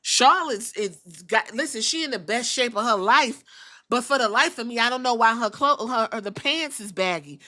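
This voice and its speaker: A woman podcast host giving blunt, animated, profane commentary in a casual, opinionated way. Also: fairly high pitch, moderate pace.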